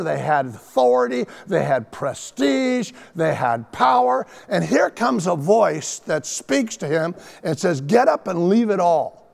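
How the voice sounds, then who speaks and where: A man preaching a sermon as pastor, emphatic and animated, often repeating his phrases for weight. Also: sits high, vocal fry. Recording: long reverb of a large hall.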